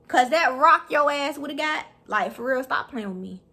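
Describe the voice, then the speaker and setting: A young woman telling a story in a vlog, animated and profane, talking fast. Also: high voice. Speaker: vlogger.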